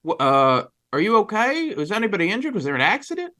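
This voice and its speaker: A worried father on a train talks in halting, stammering bursts, as a man plays him. His voice is bright and forceful even when he trips over his words. It is a tabletop game scene. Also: high voice, pitched above the performer's own voice, exaggerated voice. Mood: concerned.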